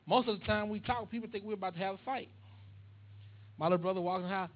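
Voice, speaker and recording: A man preaches into a microphone in a church, swapping stories and jokes with the congregation. His voice sits high for a man. The recording is muffled and lo-fi. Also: fast talker, pauses often. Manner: conversational, humorous, addressing the congregation. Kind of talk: storytelling sermon. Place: church sanctuary. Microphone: handheld or stand microphone.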